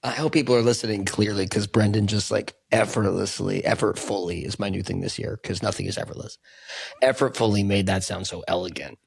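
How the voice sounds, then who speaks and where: A man's voice: on the low side, steady tone, a little fast, vocal fry, husky, dry recording. A man co-hosting a podcast, reflective in casual conversation, often searching for and correcting his words. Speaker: podcast co-host.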